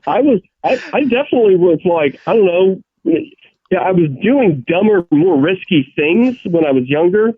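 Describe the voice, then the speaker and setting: A fairly high-voiced man rants and tells stories in casual chat, swearing freely and restarting his sentences often. The sound is thin and phone-like, with a dry, close feel and no room around it. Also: expressive, normal speed, slightly rough, dry recording. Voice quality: profane, ranting storyteller. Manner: rambling with many restarts.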